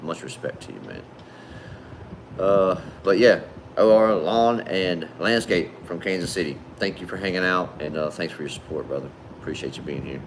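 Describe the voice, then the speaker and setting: A man's voice: deep voice, expressive, normal speed, a little hiss or hum. A man hosting a casual livestream, reading viewer comments aloud in a laid-back, friendly way and calling people man and brother. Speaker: livestream host.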